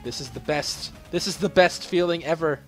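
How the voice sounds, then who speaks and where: A man giving excitable commentary while playing a game, exclaiming and laughing often. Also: a little high, moderate pace, faint music behind. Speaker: gaming channel host.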